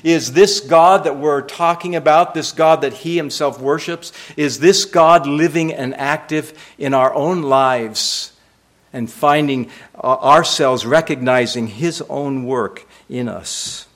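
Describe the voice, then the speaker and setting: A man's voice: a little high, slow, a bit bright. A man delivering a sermon as pastor, emphatic and repetitive, asking rhetorical questions.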